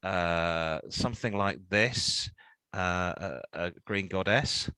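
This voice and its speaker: A man's voice: sits low, slow, bright, forceful tone, smooth, no room sound, poor audio. A man co-hosting a car podcast, chatting casually and rambling with fillers. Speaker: podcast co-host.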